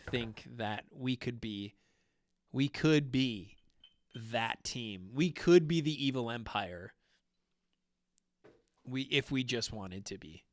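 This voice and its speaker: A man co-hosting a casual sports podcast, talking emphatically and excitably and swearing casually. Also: mid-range voice, dry recording. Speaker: podcast co-host.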